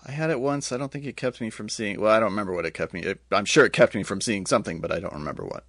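A man's voice: fairly low pitch, rapid-fire, creaky, a bit bright, no echo. A man co-hosting a podcast in casual chat, dropping dry, wry quips. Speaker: podcast co-host.

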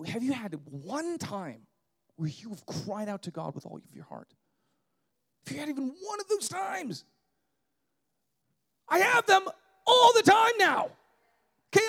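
A male pastor preaching a sermon with passion, often shouting, and checking in with the congregation with quick "right?" tags. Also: extremely high pitch.

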